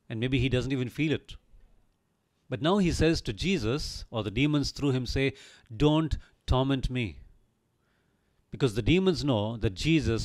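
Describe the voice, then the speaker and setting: A man teaching a Bible story in an earnest, emphatic way, often asking the listener rhetorical questions. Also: medium pitch.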